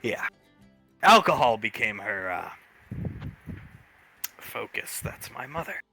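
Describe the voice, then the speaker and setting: Man voicing a chatty young wife, rambling, self-correcting, lively pitch, bright tone. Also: slow pace, creaky, faint music behind, heavily acted.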